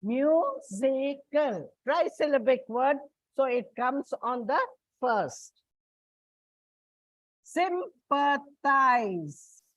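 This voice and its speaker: A woman with an Indian English accent teaches an English lesson in a high voice, slowly spelling out word endings letter by letter and repeating each example word. Her deliberate classroom delivery is recorded dry, on dull, muffled lo-fi audio.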